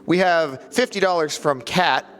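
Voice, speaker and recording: A man's voice: fairly high pitch, unhurried, a bit bright, clean tone, long reverb tail, faint music behind. A man reading out donations and their messages on a charity stream, thanking each donor. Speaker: donation reader.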